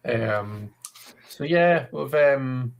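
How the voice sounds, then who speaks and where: A man's voice: medium pitch, animated, extremely slow, dull audio. Easygoing man co-hosting a live chat. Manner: easygoing, rambling, lots of fillers. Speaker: co-host of a tarot livestream. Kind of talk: casual chat.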